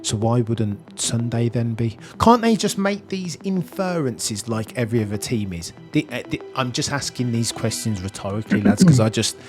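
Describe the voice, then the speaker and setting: Lively podcast host, man. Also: mid-range voice, faint music behind. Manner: animated, jokey, rapid swings in loudness. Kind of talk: casual podcast chat.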